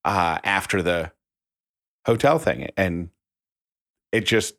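A man co-hosting a casual podcast chat. His voice is somewhat low, and he talks in a wry, matter-of-fact way. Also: takes it slowly, fairly bright tone. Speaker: podcast co-host.

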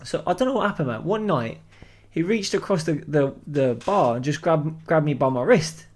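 A young man tells stories in a casual podcast chat. His voice sits a little high, and he acts out the people in his stories with plenty of swearing. He talks in a loose, animated way. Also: moderate pace. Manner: animated anecdote-telling with acted-out quotes and heavy swearing. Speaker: podcast co-host.

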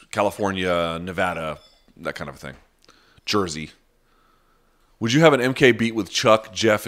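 Deep-voiced blunt man hosting a chat. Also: a bit bright. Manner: blunt, profane, talks off the cuff. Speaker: live chat host answering viewer questions. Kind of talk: casual live-stream chat.

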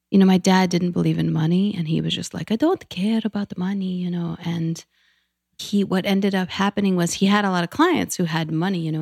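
A woman in her late thirties with a low, gravelly voice tells frank, profane stories from her life as a podcast guest. Her delivery is lively and candid, and the recording is dry and close. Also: no room sound. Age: 30s. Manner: candid, profane, animated storytelling. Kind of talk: casual podcast conversation.

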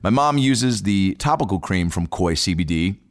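A man's voice: sits low, lively intonation, moderate pace. A man reading a sponsor ad on a podcast, playful and joking between lines. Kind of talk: read ad spot, joking.

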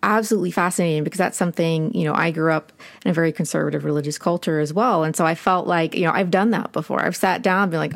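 A woman's voice: lowish voice, fast, vocal fry. A woman interviewer talking chattily with many fillers before she asks her question. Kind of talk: interview conversation.

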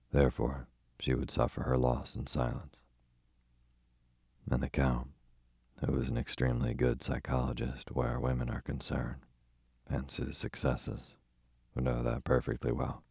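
A man voicing a fussy, precise older male detective who speaks placidly and deliberately, with foreign turns of phrase. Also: very deep voice, vocal fry, mellow, breathy edge, no echo, clean studio sound, full character voice.

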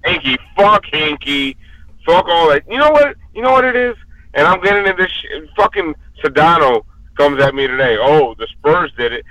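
A man's voice: a little high, lively intonation, normal speed, pushed and bright, no echo, rough recording. A man on a casual podcast, drunk and heated, ranting with constant profanity. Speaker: podcast guest.

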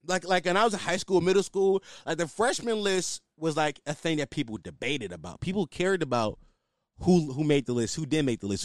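Animated young man ranting casually. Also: fairly high pitch, dry recording, studio quality. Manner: animated, ranting, swears freely. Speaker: podcast host. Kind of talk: casual solo commentary.

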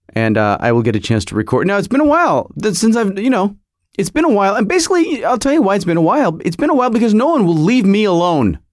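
A man's voice: mid-range voice, no echo. A man hosting his podcast from a garage home studio, rambling and joking with lots of fillers and restarts. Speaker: podcast host. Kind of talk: casual rambling monologue.

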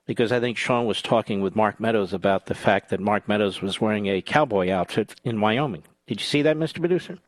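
A man hosting a talk radio show, delivering a combative, sarcastic monologue that swings between loud outbursts and low asides. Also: fairly quick, few pauses, no echo.

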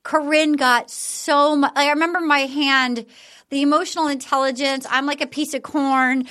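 A woman hosting a comedy podcast, rambling through an animated recap and acting out the people she quotes. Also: high voice, normal speed. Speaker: podcast host. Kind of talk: casual comedic recap chat.

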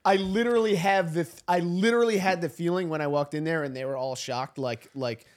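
A man co-hosting a comedy podcast in casual chat, talking in an excitable, sheepish way and often repeating himself. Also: fairly high pitch, fairly quick. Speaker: podcast co-host.

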